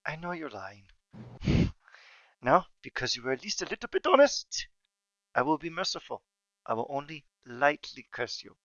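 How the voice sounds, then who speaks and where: A man voicing a towering, imperious female Empress who is a widow, speaking grandly with slow, coaxing and menacing questions, on a dull lo-fi recording. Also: on the high side, expressive, a bit bright, no echo. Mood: lordly.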